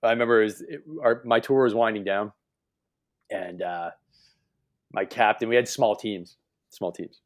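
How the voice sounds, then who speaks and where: A man's voice: on the low side, steady tone, normal speed, long pauses. A Canadian man hosting a podcast, chatting casually, swearing freely and laughing often. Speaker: podcast host. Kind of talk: casual chat.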